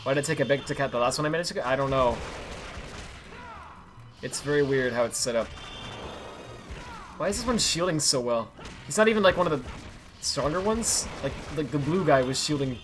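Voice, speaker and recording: A man streaming himself playing a game, chatting casually and yelling in frustration when play goes wrong. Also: mid-range voice, brisk, pauses often. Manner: excitable, yells at the game when things go wrong. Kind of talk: live-streamed gameplay commentary. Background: faint game music.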